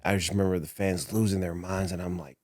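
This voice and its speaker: A man with a fairly low voice tells his stories in a relaxed studio chat, lively and often laughing as he acts out quotes. The sound is dry and close, with no room around it. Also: fast, no echo. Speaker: professional wrestler, guest. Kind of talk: casual interview storytelling. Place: podcast studio. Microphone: studio microphone.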